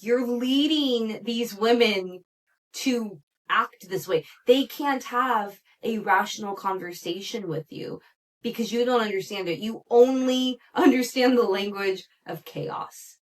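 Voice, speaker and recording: A woman hosts a podcast and talks through a reality TV episode in a loose, gossipy recap. Her voice sits at a middle pitch, and she keeps up an animated, chatty flow full of "like" fillers and quick laughs. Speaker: podcast host.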